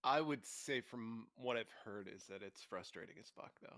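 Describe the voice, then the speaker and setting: Bright-voiced laid-back man, dry mic. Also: on the low side, moderate pace, dry recording. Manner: laid-back, swears, laughs often. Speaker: podcast co-host. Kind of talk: casual chat.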